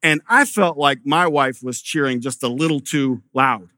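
A man's voice: mid-range voice, normal speed, sharp tone, no room sound, clean studio sound. A middle-aged male pastor preaching a sermon in a conversational way, telling stories and often restarting his sentences.

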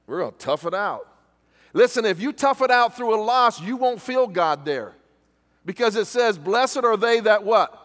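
A man's voice: high-pitched, very animated, normal speed, fairly bright tone. A man preaching a sermon as pastor, emphatic, with rhetorical questions and repetition, to a congregation in a church. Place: church hall. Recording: reverberant church hall.

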